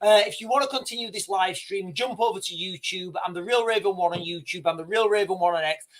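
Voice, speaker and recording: A man hosting a livestream, giving impassioned, halting commentary with restarts and blunt swearing. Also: high voice, a bit bright. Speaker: livestream host. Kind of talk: emotional live commentary.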